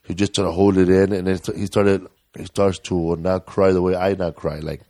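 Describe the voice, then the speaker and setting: Podcast host, male, low voice, dry close sound, joking and candid. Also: flat delivery, moderate pace, mellow, dry recording. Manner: joking, candid, drifts into heavy talk. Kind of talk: casual chat.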